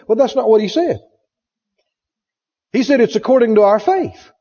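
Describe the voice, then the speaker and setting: A man's voice: very high voice, lively intonation, normal speed, dark tone, slightly rough. A man preaching a sermon emphatically, repeating phrases and asking the congregation questions. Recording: dull lo-fi recording in a reverberant hall.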